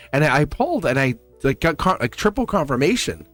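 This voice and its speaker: A middle-aged man hosting a live tarot reading, rambling and upbeat, his voice hoarse and cracking. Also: on the high side, sing-song, fairly quick, fairly bright tone, faint music behind. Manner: rambling, upbeat, repeats himself. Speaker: tarot reader and host.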